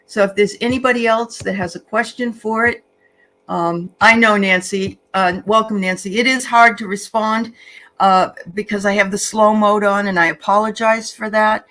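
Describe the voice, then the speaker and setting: A woman's voice: medium pitch, fairly even intonation, normal speed, fairly bright tone, poor audio. A woman co-hosting a casual livestream, greeting viewers by name in a chatty way with frequent fillers. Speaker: livestream co-host.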